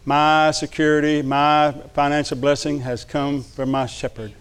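Middle-aged pastor, preaching with fervor; smooth, resonant voice. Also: male voice, on the high side, little pitch movement, moderate pace, few pauses. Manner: fervent preaching with repetitions. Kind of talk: sermon.

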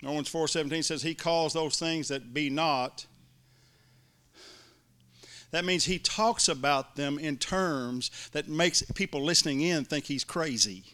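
Bright high-voiced preacher. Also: male voice, measured pace. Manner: emphatic preaching, mimics complainers in little voices. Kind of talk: sermon. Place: church before a congregation.

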